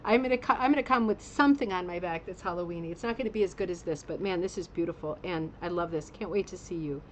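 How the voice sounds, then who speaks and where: A woman hosts a casual rug hooking club livestream from a home studio with a green screen, gushing with effusive praise during show-and-tell and rambling with fillers. She talks fast in a fairly low voice. The audio is poor, with some hiss or hum.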